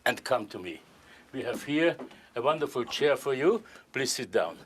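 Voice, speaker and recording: A man's voice: mid-range voice, expressive, moderate pace, a bit bright, slight background noise. An older man performing as a stage magician, joking and courtly with volunteers in careful. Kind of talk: live magic performance patter.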